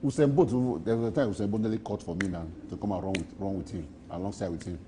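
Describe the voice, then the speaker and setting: A man's voice: sits low, quick pace, noisy background. A Nigerian man in a street interview, rambling playfully and boasting, repeating his phrases.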